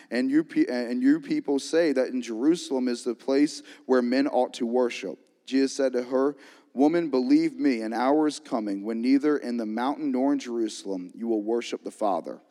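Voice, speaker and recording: Booming pastor in a big reverberant hall. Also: male voice. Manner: energetic call-and-response preaching. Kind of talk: sermon. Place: church sanctuary. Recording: long reverb of a large hall.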